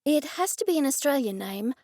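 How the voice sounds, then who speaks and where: Matter-of-fact woman amateur sleuth, the narrator's own voice, bright pitch. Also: animated, fairly quick, no room sound, clean studio sound. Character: practical woman amateur sleuth, first-person heroine.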